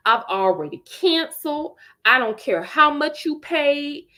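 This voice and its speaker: Woman playing a shrill, scolding mother. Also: lively intonation, a little slow, exaggerated voice. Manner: shrill, scolding, rising to yells. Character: harsh, accusing mother, adult woman, short-tempered.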